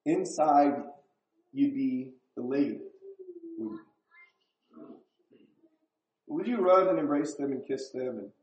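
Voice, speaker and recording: Man, pastor, conversational sermon, rhetorical questions, warm mellow tone, roomy echo. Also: mid-range voice. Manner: conversational, asks the congregation questions. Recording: echoey room.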